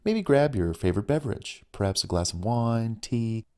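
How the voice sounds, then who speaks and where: A man voicing a calm, courteous male suitor in an audiobook. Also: mid-range voice, normal speed, natural voice. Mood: gentle. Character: smooth attentive suitor on a phone call. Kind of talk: audiobook reading.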